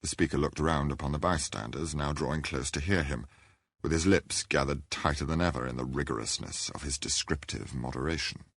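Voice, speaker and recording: A man narrating a classic novel in a measured, deliberate and understated way. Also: extremely low pitch, gravelly, fairly bright tone, husky, no room sound. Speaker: audiobook narrator.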